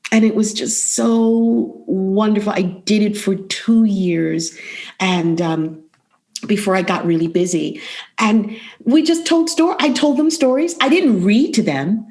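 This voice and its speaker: A middle-aged woman, a vocal coach, talking as a podcast guest in an expressive, rhythmic way, repeating phrases for emphasis. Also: mid-range voice, slow pace. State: emotional, close to tears.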